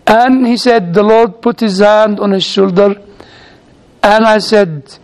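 A man with a strikingly high voice preaches a story-driven sermon. He halts and restarts often, repeating small words as he searches for phrasing. He drops in playful asides between the stories. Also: fairly even intonation, slow. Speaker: priest.

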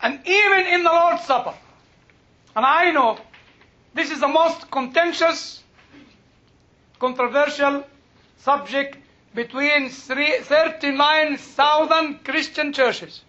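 Slow high-voiced man teaching scripture. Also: bright, forceful tone. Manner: slow, searching for English words. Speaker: Bible lecturer. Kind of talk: informal Bible talk. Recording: dull lo-fi sound.

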